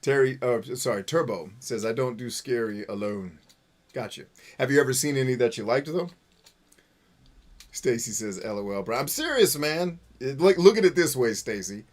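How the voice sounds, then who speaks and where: A man with a voice of ordinary middle pitch hosts a live game stream, reading viewers' messages aloud. He talks loosely and profanely, and makes himself the butt of many of his jokes. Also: expressive, normal speed. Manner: profane, joking, self-mocking. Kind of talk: live gameplay commentary reading chat.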